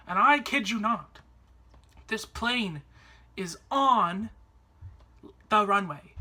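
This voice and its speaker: A man's voice: sits high, sharp tone. A man from Canada, chatting to camera about a trip in a rambling way, full of fillers and restarts. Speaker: vlogger. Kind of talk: casual storytelling to camera.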